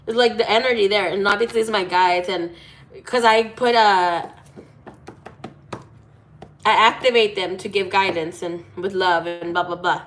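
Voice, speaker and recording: A woman's voice: mid-range voice, fairly even intonation, normal speed, fairly bright tone. A woman giving a casual tarot reading, talking in a chatty, playful way, laughing often and swearing now and then. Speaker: tarot reader.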